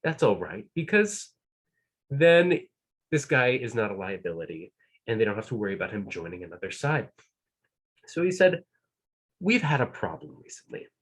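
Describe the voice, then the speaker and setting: Man storyteller, breathy, lively delivery, unhurried, for a folk tale read. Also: on the low side. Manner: animated, playful, shifts between hushed and loud. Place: live storytelling event.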